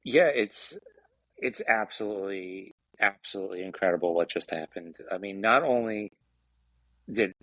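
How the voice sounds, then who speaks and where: A man's voice: low-pitched, normal speed, a bit bright, no echo, rough recording. A man co-hosting a sports podcast, chiming in with wry jokes in casual chat. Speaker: podcast co-host.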